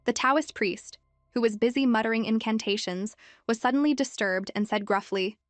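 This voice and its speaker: Woman narrating a story over soft music. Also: fairly high pitch, normal speed, no room sound. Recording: dry close mic with faint music.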